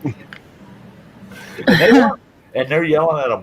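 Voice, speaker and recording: A middle-aged man spinning a yarn from his youth, chuckling along the way. His pitch swings widely as he gets into it, over a faint hiss behind him. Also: unhurried. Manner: animated, laughs through his story. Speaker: storytelling host. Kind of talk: casual spoken storytelling.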